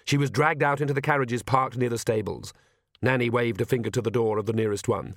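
A man reading a comic fantasy novel aloud in a measured, wry storytelling voice. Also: mid-range voice, gravelly, no room sound, clean studio sound. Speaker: audiobook narrator. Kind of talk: scripted narration.

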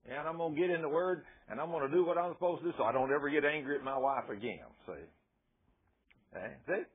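Folksy husky male preacher on radio. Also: a little high, quick pace. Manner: folksy, conversational, emphatic. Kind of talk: sermon. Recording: tinny phone-like radio broadcast.

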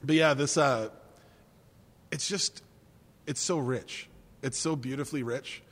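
A man's voice: mid-range voice, fairly even intonation, unhurried, fairly bright tone. A man co-hosting a casual wine-tasting chat, rambling, swearing freely and laughing easily. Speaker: podcast co-host. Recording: long reverb.

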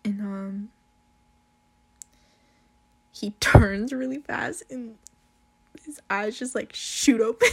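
A woman's voice: medium pitch, vocal fry. A young woman telling a casual, profanity-laced story, laughing often as she talks. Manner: slow, drawn-out delivery with frequent swearing and laughter.

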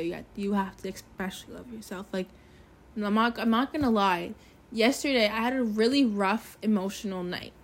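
Candid young woman podcast host. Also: mid-range voice. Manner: candid, emphatic, swears freely. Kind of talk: casual solo podcast talk.

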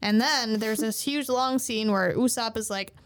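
A woman's voice: fairly high pitch, measured pace. A woman co-hosting a podcast in casual chat, swearing freely as she retells a story. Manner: profane, animated retelling with quoted voices. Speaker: podcast co-host.

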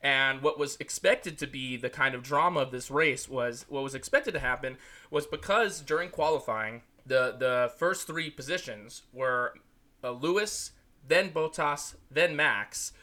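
American man, young, casual podcast chat, profane, rambling, bright voice. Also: mid-range voice, measured pace. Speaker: podcast co-host.

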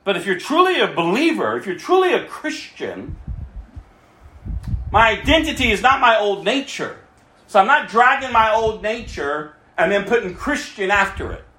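A man preaching a sermon in a high, lively voice that swoops up and down. He drives home each point with rhetorical questions and swings from loud to hushed. The room around him is echoey. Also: normal speed. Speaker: pastor.

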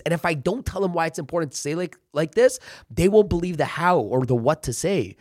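A man's voice: fairly high pitch, expressive, fast talker, a little mellow, no room sound, clean studio sound. A man talking as a sales trainer in a casual podcast interview, emphatic and coaching, acting out pep talks. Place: office.

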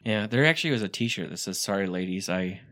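Very low-voiced woman hosting. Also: animated, quick pace, a bit bright, no echo, clean studio sound. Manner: upbeat, runs the segments. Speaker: podcast host. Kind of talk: casual chat.

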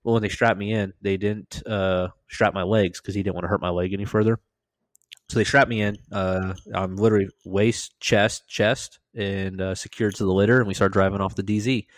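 Male podcast host, lowish voice, dry close sound, lively profane storyteller. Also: normal speed, no echo. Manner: animated, profane, acts out quoted lines. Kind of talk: casual storytelling.

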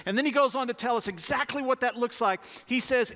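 Male pastor, high voice, emphatic, repeats key words, church hall reverb. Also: fairly quick, sharp tone. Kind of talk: sermon to families and children. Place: church sanctuary.

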